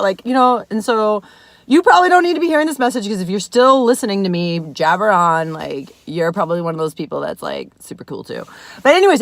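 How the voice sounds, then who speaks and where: A woman's voice: fairly high pitch, no echo. A woman in her thirties talking to camera from her car, rambling casually, laughing often and swearing freely. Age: 30s. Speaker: vlogger. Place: inside a parked car in the rain.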